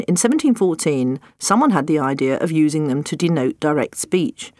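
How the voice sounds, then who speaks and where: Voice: medium pitch, darkish tone, no room sound. A narrator reading scripted nonfiction with wry, dry humor.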